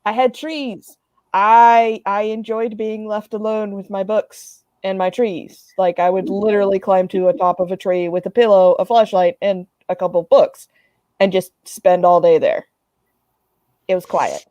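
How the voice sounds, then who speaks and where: A woman's voice: medium pitch, fairly even intonation, unhurried, mellow, no echo, lo-fi sound. A woman panelist chatting casually on a video call, often restarting her sentences.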